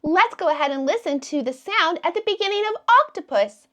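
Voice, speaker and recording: A woman who teaches kindergarten, giving a slow, encouraging phonics lesson to young children and drawing out each letter sound. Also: extremely high pitch, expressive, pushed and bright.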